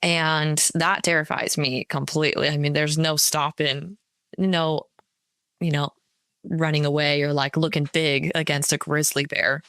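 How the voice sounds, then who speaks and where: A woman's voice: sits low, little pitch movement, unhurried, a bit bright, no echo. A woman from the Pacific Northwest, a podcast guest talking in an easygoing, hesitant way. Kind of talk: casual interview chat.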